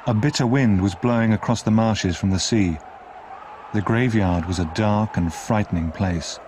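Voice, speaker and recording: A man narrating a retold classic novel in an expressive, dramatic reading style. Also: lowish voice, normal speed, noisy background. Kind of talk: scripted storybook narration.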